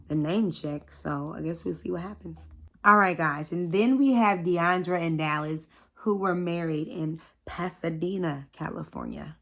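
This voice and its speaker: A woman with a rather low voice recaps a reality show in a casual, slangy style. She's candid and swears a lot, tossing chatty asides to her viewers.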